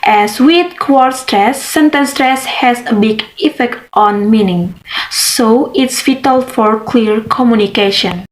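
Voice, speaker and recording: A woman with a fairly high voice reads a pronunciation lesson aloud. She speaks carefully and deliberately, with a few small grammar slips. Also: poor audio. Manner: careful, deliberate reading with non-native slips. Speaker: student presenter.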